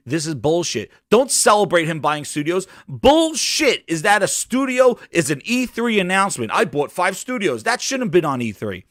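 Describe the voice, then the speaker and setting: A man with a high, sharp voice rants heatedly about games, swearing and mocking as he goes. The sound is dry and close, with no room echo. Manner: ranting, profane, mocking. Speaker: podcast host. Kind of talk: heated casual gaming chat.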